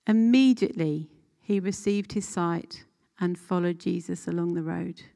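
Slow, gravelly-voiced woman leading reflection. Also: on the low side. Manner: calm, unhurried, gently instructive with pauses. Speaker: leader of a guided scripture reflection. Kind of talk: slow guided scripture reading and meditation.

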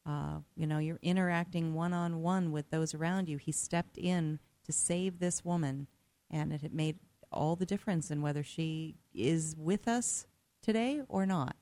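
A woman hosting a radio talk show, introducing stories with a slow, dramatic delivery and chatting with her co-host. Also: low voice, mellow, no echo.

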